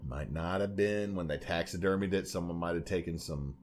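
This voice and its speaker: A man's voice: sits low, fairly quick, faint music behind. A man co-hosting a podcast in casual chat, rambling and joking as he talks. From Louisiana. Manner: rambling, joking, puts on silly voices. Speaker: podcast co-host.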